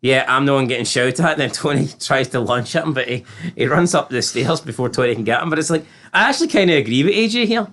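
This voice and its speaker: A man's voice: a little high, quick pace, few pauses. A man co-hosting a casual TV review chat, rambling and incredulous as he retells scenes. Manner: chatty, rambling, incredulous, animated retelling with quoted voices. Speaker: podcast co-host reviewing a TV episode.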